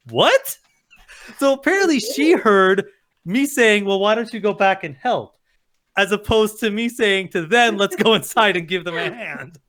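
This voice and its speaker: A young man telling a story in a casual podcast chat, animated and profane. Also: high voice, moderate pace. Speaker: podcast co-host.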